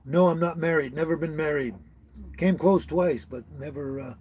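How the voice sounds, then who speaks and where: With a voice on the high side, a darkish tone and a breathy edge, a British Columbia man talks at a moderate pace during his casual home livestream. He reads comments, calls out viewers by name, chuckles often and stumbles over names.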